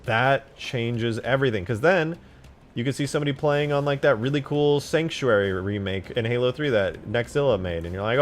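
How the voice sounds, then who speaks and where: A man casually chatting on a live stream about modding a game, excitable and profane, with sudden loud outbursts. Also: medium pitch, a little fast. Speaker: game modder streaming his work.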